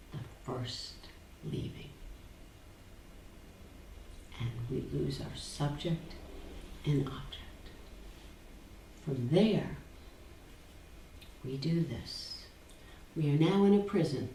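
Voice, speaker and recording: Woman teacher, low and unhurried, soft near-whispers, roomy far-off mic, faint hiss. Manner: slow, deliberate, drops to near-whispers on key words. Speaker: spiritual teacher. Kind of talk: spoken talk to a small group. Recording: roomy, distant from the mic, faint background noise.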